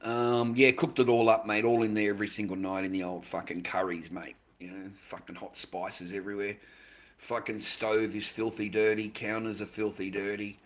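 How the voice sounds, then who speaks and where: A man's voice: fairly low pitch, flat delivery, moderate pace. An Australian man chatting casually on a livestream, rambling and swearing constantly, with "mate" in almost every line.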